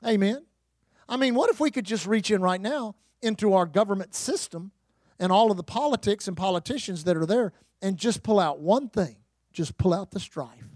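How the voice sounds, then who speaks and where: A man's voice: high-pitched, animated, normal speed, a little mellow, dry recording. A male pastor preaching a sermon with call-and-response and humor.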